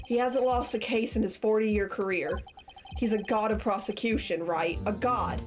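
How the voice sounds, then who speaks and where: A woman voicing a gruff male detective, trying for a soft country drawl as she reads a game aloud. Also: a little high, expressive, normal speed, music in the background, pitched below the performer's own voice, natural voice. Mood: earnest.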